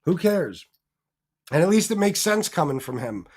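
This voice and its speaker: A man's voice: high-pitched, big pitch swings, moderate pace, husky. A man hosting a casual live stream, talking off the cuff with heavy swearing, many fillers and restarts, and reading viewer donations aloud. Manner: profane, rambling, lots of fillers and restarts; turns heated and emphatic when ranting.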